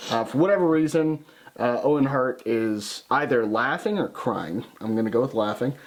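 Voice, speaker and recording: A man's voice: mid-range voice, lively intonation, normal speed. A man co-hosting a casual chat, laughing often and swearing as he acts out quotes. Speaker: podcast co-host. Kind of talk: casual chat recapping wrestling.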